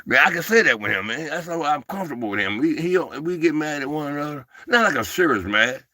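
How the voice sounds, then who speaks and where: A man's voice: on the high side, animated, fast, pushed and bright, no room sound, studio quality. A man hosting a casual livestream, rambling in a folksy way and calling listeners "baby" and "man". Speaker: livestream host.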